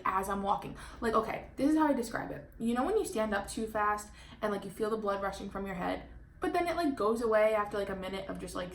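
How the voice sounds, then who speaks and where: Chatty woman in her 20s, storytime vlogger, gravelly voice, faint noise behind. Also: medium pitch. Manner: chatty, animated, many "like" fillers. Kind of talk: casual storytime vlog.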